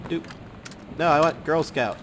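A man's voice: on the high side, a little slow, slight background noise. A man giving casual gameplay commentary, muttering offhand remarks, humming, swearing and reading items aloud. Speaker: game commentator.

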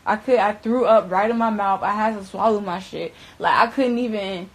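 A young woman tells her story in a casual, rambling way, dropping profanity and fillers constantly. Her voice sits at an ordinary pitch for a woman. She swings from loud, animated bursts to low, hushed stretches. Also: normal speed, low-quality recording. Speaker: interviewee recounting events.

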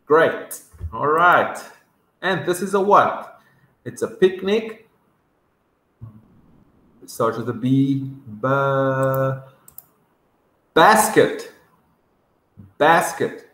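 A man teaching English words to young children, sounding them out slowly and coaxing them to repeat after him. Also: mid-range voice, expressive, a bit bright. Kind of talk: vocabulary lesson for kindergarteners. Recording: echoey room.

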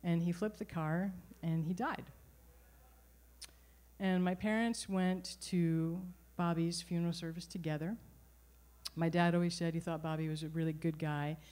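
A middle-aged woman telling a personal story live at a venue, animated and wry. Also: lowish voice, unhurried. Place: performance venue.

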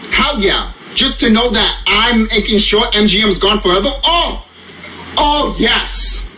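Male vlogger, high and sharp-toned, swearing nonstop, voice wearing out, roomy echo. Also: lively intonation, moderate pace, a little hiss or hum. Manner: furious, profane, repetitive ranting. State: losing his voice, sweaty. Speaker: YouTuber. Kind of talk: angry ranting reaction vlog.

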